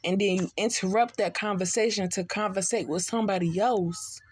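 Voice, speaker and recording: A woman's voice: medium pitch, brisk, breathy edge. A tipsy woman giving a casual spiritual reading, blunt and profane, full of streetwise slang. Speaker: tarot reader.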